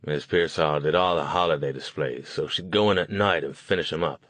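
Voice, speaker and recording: Guy doing a gruff old motel keeper, real deep voice, folksy and blunt, dry close sound. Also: brisk, fairly bright tone, no echo. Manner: folksy rural speech, blunt. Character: gruff suspicious older small-town motel keeper. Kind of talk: audiobook character voice.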